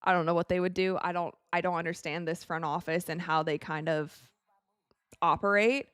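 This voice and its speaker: A woman hosting a live watch-along of a basketball game, reacting excitably to plays, crying out and laughing, and thanking viewers for donations. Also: lowish voice, normal speed, clean tone, no echo, clean studio sound. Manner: thanks viewers for donations and answers their questions.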